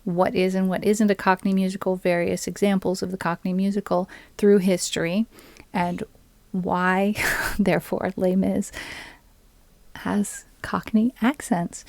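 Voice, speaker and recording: A woman streaming live, chatting casually with viewers between songs, soft-spoken and often trailing off into a near whisper. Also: medium pitch, level tone, normal speed, dry recording. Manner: chatty and recommending, addresses viewers. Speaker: streamer and ukulele singer.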